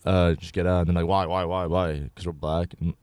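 Very low-voiced young man, laid-back. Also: little pitch movement, fairly quick, a little mellow, no echo, clean studio sound. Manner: laid-back, says "bro" and "dude". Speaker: podcast guest. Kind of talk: casual storytelling.

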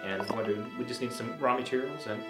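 A man's voice: mid-range voice, fast, reverberant, over music. A man playing a tabletop game, talking in a casual, loose way with many fillers. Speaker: player. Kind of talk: tabletop role-play.

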